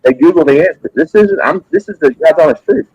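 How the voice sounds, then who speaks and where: A man who teaches sixth-grade science, telling animated classroom stories in casual chat with restarts and repeats. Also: on the high side, fast talker, highs cut off. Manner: animated anecdotes with frequent repeats. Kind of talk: casual storytelling on a live stream.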